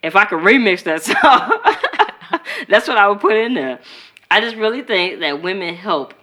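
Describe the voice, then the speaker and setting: A woman from Chicago co-hosting a podcast in casual chat, animated and profane, acting out quoted voices. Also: mid-range voice, normal speed. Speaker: podcast co-host.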